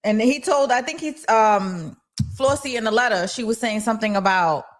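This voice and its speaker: Candid woman, lightly high voice. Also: normal speed. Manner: candid, animated, swears freely. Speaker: co-host of a live TV recap stream. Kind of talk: casual live chat.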